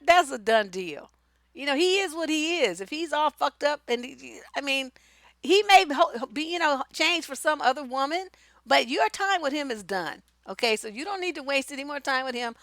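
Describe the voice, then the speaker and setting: A woman relationship coach giving blunt, profane, animated advice in a casual talk. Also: fairly high pitch, no room sound, studio quality. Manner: blunt, profane and animated, acts out quoted voices.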